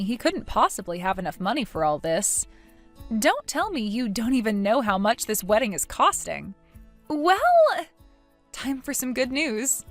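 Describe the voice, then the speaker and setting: A woman narrating a first-person story in a cool, dry, sarcastic and composed manner. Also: fairly high pitch.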